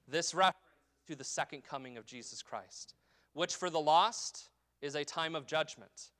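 A man preaching a sermon as pastor, reading scripture in a slow falling cadence and explaining it with emphatic rises and a frequent "okay?". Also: mid-range voice, a bit bright.

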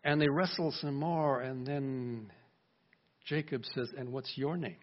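A man preaching a sermon in a lively way, acting out the voices he quotes and asking his congregation questions. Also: medium pitch, measured pace. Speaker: pastor. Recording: dull lo-fi recording.

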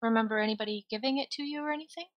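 A woman's voice: on the high side, racing, highs cut off. A woman playing in a tabletop game, curious and asking questions. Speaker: player.

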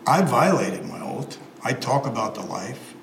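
A man's voice: medium pitch, lively intonation, unhurried, creaky, a little hiss or hum. Earnest man in a roomy room. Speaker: interview guest, former organized crime member. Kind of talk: reflective interview answers.

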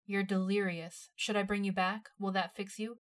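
A woman's voice: mid-range voice, flat delivery, normal speed, lightly acted. A woman doing a curt, swearing soldier man. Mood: angry. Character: blunt, harsh male soldier, gruff and commanding.

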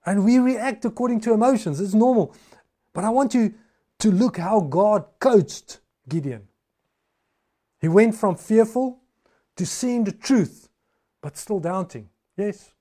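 Emphatic man preaching with a high, mellow voice. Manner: emphatic preaching, swinging loud to soft. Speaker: pastor. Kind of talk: sermon.

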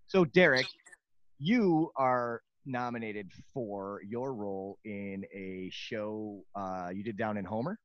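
A man's voice: lowish voice, slow pace, slight background noise. A man hosting a podcast in casual chat, blunt and joking, swearing now and then. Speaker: podcast host. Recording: dull dry lo-fi sound.

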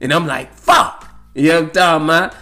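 A man's voice: fairly high pitch, rapid-fire, pushed and bright, soft background music. A man hosting a podcast who tells casual, profane, rambling stories, laughs at his own jokes and keeps checking in with "you know what I'm saying.". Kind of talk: casual storytelling monologue.

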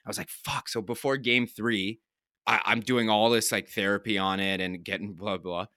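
Man, young adult, hockey player, casual storytelling, bright, lowish voice. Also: fairly even intonation, normal speed, dry recording, studio quality. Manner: laid-back, profane, laughs through stories. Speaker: podcast co-host, pro hockey player.

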